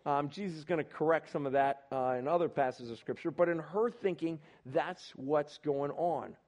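A young man preaching on a Bible passage in a casual, animated way, acting out the people in the story. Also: a little high, moderate pace. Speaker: pastor.

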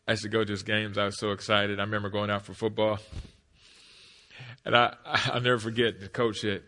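A middle-aged man giving a speech to an audience, telling a personal story emphatically. His voice drops to a hush, then rises loud. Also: on the low side, level tone, fairly quick. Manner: emphatic, swings between hushed and loud. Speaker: motivational speaker.

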